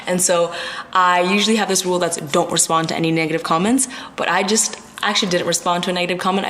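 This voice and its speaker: A woman's voice: on the low side, fairly bright tone, slight background noise. A woman in her twenties, talking to camera in a casual vlog rant, outspoken and emphatic with plenty of slang. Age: 20s. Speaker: vlogger.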